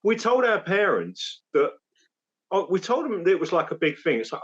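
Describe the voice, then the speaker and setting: Lively young man on a lo-fi mic. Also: sits high, normal speed, breathy edge. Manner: lively, animated storyteller. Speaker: podcast co-host, son. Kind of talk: casual storytelling chat. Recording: dull lo-fi sound.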